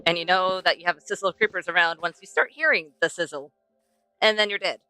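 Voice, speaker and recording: Bright-voiced woman chatting through gameplay. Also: lowish voice, fast talker, clean tone, dry recording, soft background music. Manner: chatty, talks to herself and the animals. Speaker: streamer. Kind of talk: casual gameplay commentary.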